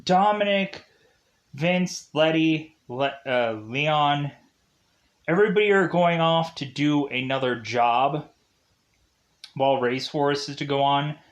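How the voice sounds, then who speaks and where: A man's voice: fairly high pitch, slow pace. A young man casually recapping a movie's plot, rambling with lots of "like" and "uh" fillers. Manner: rambling, heavy use of "like" and "uh".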